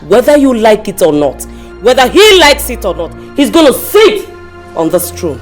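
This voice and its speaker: A woman's voice: on the high side, sing-song, moderate pace, soft background music. A woman playing a defiant palace woman who taunts her rivals, emphatic, with a Nigerian accent. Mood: taunting.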